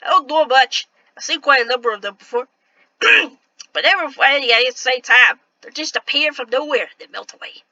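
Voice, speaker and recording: A woman's voice: high-pitched, expressive, sharp tone, dry recording, muffled recording, full character voice. A woman reading a worldly city informant's lines from a game, trying for an accent and stumbling over restarts. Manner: halting, reads lines with restarts. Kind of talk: reading game dialogue aloud with an attempted accent.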